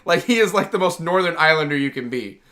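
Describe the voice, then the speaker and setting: An expressive male gaming streamer with a sharp tone and a voice on the high side talks at a quick clip. He rambles casually and enthusiastically, leaning heavily on "like."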